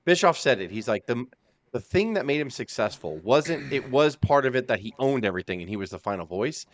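A man co-hosting a casual wrestling podcast, swearing freely and acting out loud outbursts as he rants. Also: medium pitch, a little fast. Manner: profane, animated, acts out outbursts. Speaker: podcast co-host. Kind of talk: casual chat.

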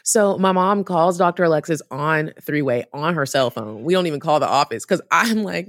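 A woman telling a story in casual chat, animated and profane, acting out the voices of people she quotes. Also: deep voice, fairly quick, few pauses, dry recording, clean studio sound. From Texas.

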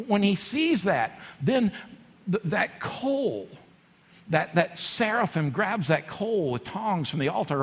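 A man preaching a sermon as a pastor, swinging from hushed, intense passages to loud, excited ones. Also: fairly high pitch, slightly rough. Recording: long hall reverb.

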